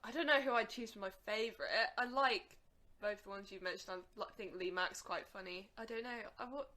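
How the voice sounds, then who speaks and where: A young woman from England, soft-spoken and a little hesitant as she joins a casual chat. Her voice is bright, with a mid pitch. She often trails off before she finishes a thought. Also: a little fast. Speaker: podcast co-host.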